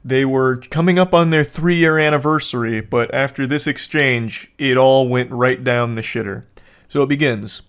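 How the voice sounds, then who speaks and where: A man's voice: mid-range voice, moderate pace, clear, resonant tone. A man hosting a commentary video, reading out text messages and reacting to them with dry, sarcastic humor. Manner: deadpan, sarcastic, laughs at what he reads. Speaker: commentary host.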